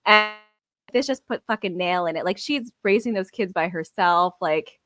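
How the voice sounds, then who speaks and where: A woman's voice: fairly low pitch, normal speed, fairly bright tone, no echo, faint music behind. A woman co-hosting a podcast in casual chat, talking frankly with swearing and acting out what others said. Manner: frank, swears, quotes others in reenacted lines. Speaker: podcast co-host.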